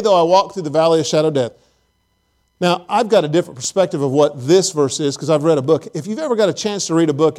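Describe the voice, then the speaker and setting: A man preaching a sermon in a relaxed, conversational way, joking and talking directly to his congregation. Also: sits high. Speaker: pastor. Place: church service.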